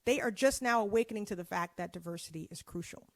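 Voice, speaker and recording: A woman's voice: mid-range voice, quick pace, no room sound. A woman giving a motivational keynote, conversational and playful, with frequent asides to her audience. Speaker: keynote speaker.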